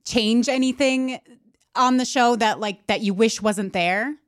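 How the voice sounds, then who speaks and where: A woman's voice: on the high side, unhurried, smooth. A woman hosting a casual chat, steering the talk and reading out listener questions. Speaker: host.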